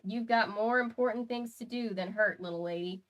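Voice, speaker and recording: A woman voicing a sad, kindly older drifter man in a cowboy drawl, folksy and gentle, read aloud from a novel. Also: high-pitched, moderate pace, dull audio. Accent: American cowboy drawl.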